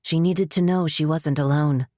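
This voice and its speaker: Low-voiced woman narrating an audiobook. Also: fairly even intonation, mellow, no echo, clean studio sound. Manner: measured storytelling. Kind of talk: scripted narration.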